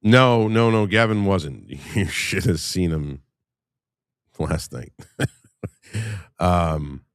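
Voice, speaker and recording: A low-pitched man hosting a live stream, talking off the cuff into a streaming mic. His delivery is loose and rambling, full of swearing. The sound is dry and close, with no room around it. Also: very slow, no echo. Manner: loose, rambling and profane storytelling. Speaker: livestream host. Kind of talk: casual chat to a live stream audience. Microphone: streaming microphone.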